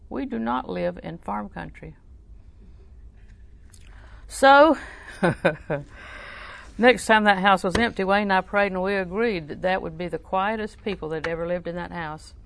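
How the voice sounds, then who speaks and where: An older woman teaching a sermon through personal stories, talking conversationally and often dropping to a soft, near-whispered voice. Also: mid-range voice, a little slow, gravelly, long pauses. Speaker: Christian teacher.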